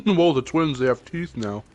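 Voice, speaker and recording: A man's voice: fairly high pitch, big pitch swings, a little slow, a little mellow, dull audio. A young man hosting a casual gaming stream, joking, rambling and laughing often as he chats. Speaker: streamer and host.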